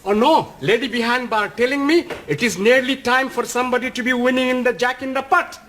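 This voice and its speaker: Fussy slot machine guy, fretting, high pitched, faint hiss. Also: fairly even intonation, a little fast. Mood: fretful. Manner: odd continuous-tense English, fretful.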